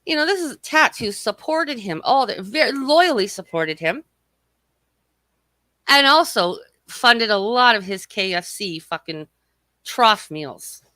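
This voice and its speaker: A woman's voice: a little high, very animated, unhurried, pushed and bright, no echo. A woman hosting a livestream from home, ranting in a heated, sarcastic and profane way at other streamers. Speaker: livestream host.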